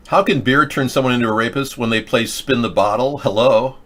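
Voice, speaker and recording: A man's voice: mid-range voice, fairly quick, hardly any pauses, fairly bright tone. A man hosting a live political video chat show, rambling and joking as he answers viewers' comments. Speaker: political talk show host.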